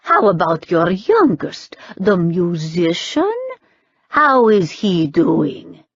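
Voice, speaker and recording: A woman voicing a sharp-tongued older witch and mother, mocking and shrill. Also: very animated, slow, breathy edge, no echo, lo-fi sound, exaggerated voice. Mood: scolding. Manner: mocking, shrill, sing-song.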